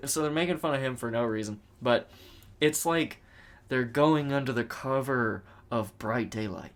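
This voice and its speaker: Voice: mid-range voice, normal speed. A podcast co-host in casual movie review chat, rambling and swearing freely, often laughing.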